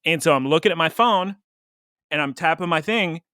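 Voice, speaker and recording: A man's voice: a little high, moderate pace, bright, forceful tone, no room sound, studio quality. A man co-hosting a podcast, chatting casually and rambling, laughing now and then. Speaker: podcast co-host.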